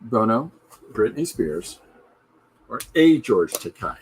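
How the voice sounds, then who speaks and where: A man's voice: lowish voice, lively intonation, moderate pace, long pauses, a bit bright, a little hiss or hum. A man hosting his own podcast, chatting casually and jokily while he draws a comic. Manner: rambling, jokey asides. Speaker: podcast host and comic artist. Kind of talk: casual chat while drawing.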